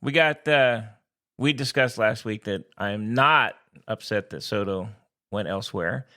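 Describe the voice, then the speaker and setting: A man co-hosting a casual sports podcast, talking in an animated, joking way with frequent restarts. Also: on the low side, measured pace. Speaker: podcast co-host.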